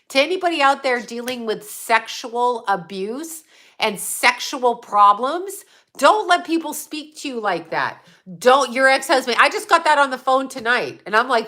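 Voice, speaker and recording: A woman with a bright, forceful voice that sits a little high, chatting off the cuff on a livestream. She talks bluntly and swears freely as she answers her viewers. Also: expressive, measured pace. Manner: blunt, profane, outspoken. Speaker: livestream host answering chat. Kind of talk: casual unscripted livestream chat.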